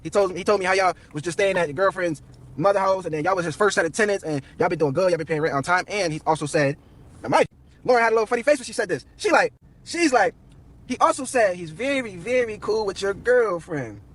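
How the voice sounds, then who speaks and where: A young man tells a story on a live stream, fast and loose with slang and swearing. His voice sits high and a little husky. He plays every person's lines himself as he goes. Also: expressive, a bit bright. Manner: slangy, profane, quoting everyone in turn.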